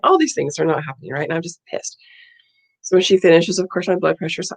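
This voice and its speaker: A woman's voice: on the low side, fast talker, vocal fry. A woman vlogger telling a story in a casual, blunt and indignant way.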